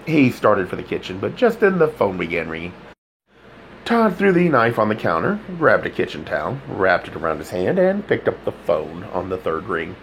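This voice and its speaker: A man narrating a dramatic thriller audiobook with a gravelly voice. His pitch swings widely as he reads, and a faint ambient hum sits behind him. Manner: dramatic, expressive reading.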